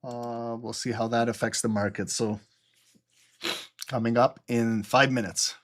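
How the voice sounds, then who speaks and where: A man's voice: medium pitch, level tone, a little slow. A man hosting a trading livestream, explaining the market live and often checking in with "okay?" while answering viewer chat.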